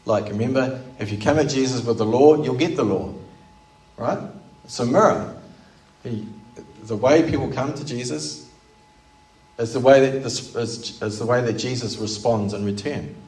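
A man's voice: medium pitch, moderate pace, long pauses, darkish tone. Man preaching in an echoey room. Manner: earnest, explanatory, asks rhetorical questions. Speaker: pastor. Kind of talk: sermon. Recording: roomy, from a distance.

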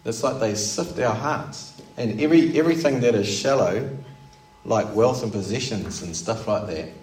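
A man's voice: on the low side, normal speed, darkish tone. A man preaching a sermon, earnest and explanatory, who asks rhetorical questions as he goes. He sits back from the microphone, and his voice rings in a roomy, echoing space. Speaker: pastor. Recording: roomy, from a distance.

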